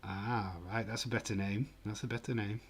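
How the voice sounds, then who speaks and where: A man's voice: lowish voice, steady tone, moderate pace, breathy edge. A man in his forties with a Yorkshire accent, hosting a casual livestream, joking, laughing often and reading out viewer comments. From England. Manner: jokey, laughs often, mild swearing. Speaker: livestream host.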